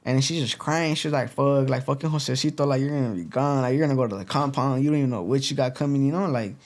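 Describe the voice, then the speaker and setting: A young man tells his story as a guest in a casual interview. He talks quickly in street slang, dropping "you know" and "boom" between every beat, at a middling pitch for a man. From East Los Angeles.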